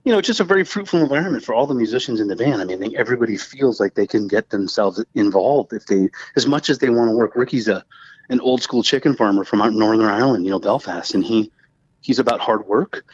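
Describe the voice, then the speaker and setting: A man's voice: fairly low pitch, animated, quick pace, slightly rough, muffled recording. A man from Southern California with a Southern Californian accent, a guest musician chatting casually in an interview, rambling and laughing often. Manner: rambling, laughs often, acts out quoted voices.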